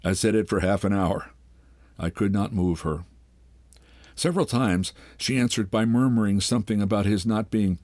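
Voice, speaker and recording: An older man, reading a short story aloud in a measured, unhurried way. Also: fairly low pitch, a little mellow, no room sound. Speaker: host and reader. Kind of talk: literary reading.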